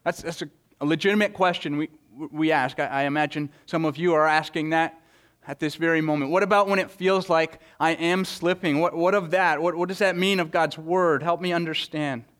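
A man delivering an earnest sermon in a smooth, resonant, somewhat high voice. He stumbles over repeated words as he thinks aloud, then lifts into dramatic scripture readings with big shifts in pitch and loudness. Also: fairly even intonation, a little fast. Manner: earnest preaching with frequent word repetitions. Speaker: pastor.

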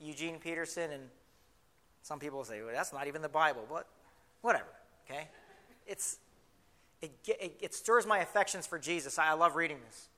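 A man preaching a sermon as pastor, lively and emphatic, slowing down to read scripture aloud. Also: on the high side, long reverb tail.

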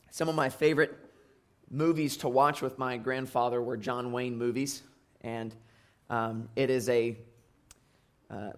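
A man preaches a sermon in a church sanctuary, his voice mid-pitched and ordinary. He talks conversationally as pastor, often pausing on fillers and restarting phrases.

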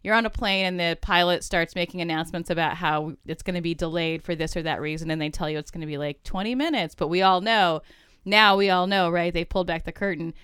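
A woman's voice: lowish voice, fast talker, fairly bright tone, clear, resonant tone, dry recording, clean studio sound. A woman co-hosting a podcast, chatting frankly about commercials and often correcting herself mid-sentence. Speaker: podcast co-host. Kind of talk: casual chat reviewing ads.

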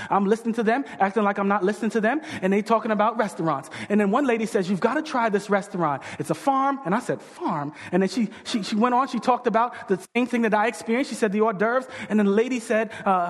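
A pastor telling a story in his sermon, acting out the voices of the people in it. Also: sits high. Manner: animated, acts out quoted voices. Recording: long hall reverb.

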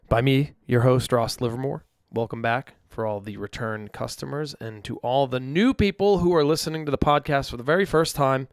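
Young guy rambling on his solo podcast, gravelly voice, dry close mic, talks to himself in his room. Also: mid-range voice, no echo. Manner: rambling, self-deprecating, chatty asides. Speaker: podcast host. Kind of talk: casual solo podcast chat. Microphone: studio microphone.

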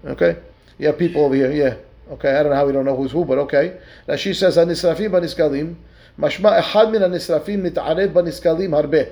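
Male rabbi teaching Talmud, with a raised pitch and a gravelly edge. He reads the text aloud, then unpacks it in a conversational question-and-answer way. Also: fast, lo-fi sound. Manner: explains step by step, asks and answers rhetorical questions; keeps checking in with "right?". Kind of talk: Talmud study lesson.

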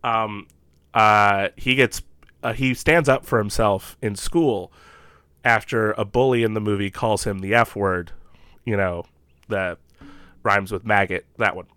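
A man's voice: fairly low pitch, fairly even intonation, unhurried, sharp tone, smooth, dry recording. A man co-hosting a casual podcast from home, rambling with enthusiasm and lots of fillers. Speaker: podcast co-host. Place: home room.

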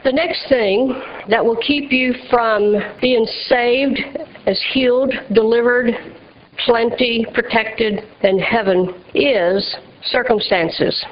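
A woman's voice: a little high, slow. A woman preaching a sermon in an emphatic, rhythmic style, speaking to a responding congregation. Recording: dull lo-fi church recording.

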